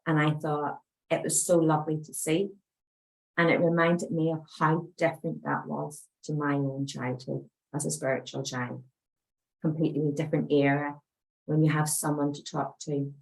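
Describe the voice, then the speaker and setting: A woman's voice: sits low, flat delivery, moderate pace, creaky, poor audio. A middle-aged woman, a spiritual medium and coach, telling a chatty family anecdote to an audience and acting out the conversation. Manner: chatty, anecdotal, acts out dialogue with gentle warmth. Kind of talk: storytelling talk to an audience.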